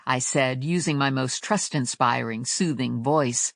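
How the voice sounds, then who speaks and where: A woman narrating a first-person crime audiobook with wry, expressive storytelling. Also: very deep voice, normal speed, few pauses, dry recording, studio quality. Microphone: close studio mic.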